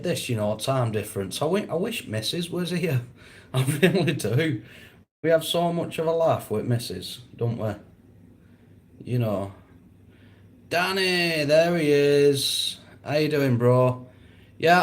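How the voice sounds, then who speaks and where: A man hosting a casual livestream, chatting with viewers, swearing and laughing a lot. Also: mid-range voice. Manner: laid-back, swears a lot, laughs often. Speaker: livestream host. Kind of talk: casual livestream chat reading comments.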